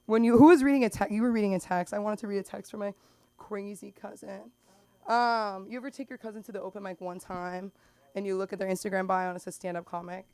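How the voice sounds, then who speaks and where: A young woman performing an open mic stand-up set, rambling through stories with lots of "like" and "um" and bursting into loud put-on voices for the people she describes. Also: medium pitch, fairly even intonation, fast talker, clear, resonant tone, dry recording. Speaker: stand-up comic. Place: small comedy club stage.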